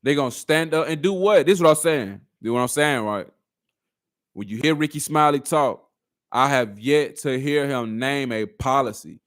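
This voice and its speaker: A man's voice: mid-range voice, moderate pace, no room sound, studio quality. A man doing reaction commentary on a video clip, arguing through a string of rhetorical questions.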